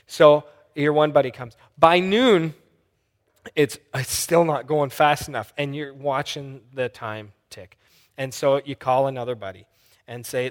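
A man preaching a sermon, telling a story with lively acted-out voices. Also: medium pitch, measured pace, long reverb tail. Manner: animated storytelling, acting out voices. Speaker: pastor.

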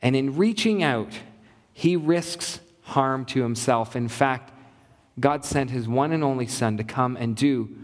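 Earnest male pastor in a reverberant hall. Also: mid-range voice. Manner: earnest, building rhetorical repetition. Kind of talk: sermon.

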